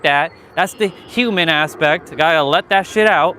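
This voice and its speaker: Walking outside with a gimbal camera in hand, a man live-streams in a casual, candid, motivational way, cursing frequently. His fairly high voice sounds pushed and bright, moving at a moderate pace with hardly any pauses. A little hiss or hum sits in the audio.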